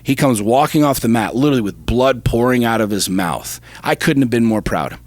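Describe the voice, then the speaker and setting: A man's voice: mid-range voice, lively intonation, brisk, no room sound. Middle-aged guy on a podcast, swearing a lot and getting fired up, dry close sound. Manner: intense, profane storytelling, rising to emphatic fervor. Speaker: podcast co-host. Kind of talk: casual chat.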